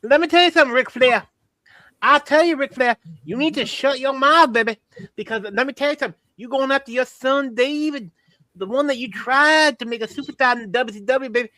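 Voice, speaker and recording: A man's voice: very high voice, a little fast, pushed and bright, dry recording. A man putting on a boastful, rambling old Southern wrestler on a podcast, with a put-on Texan drawl and calling everyone baby. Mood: swaggering. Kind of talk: comedic impression on a podcast.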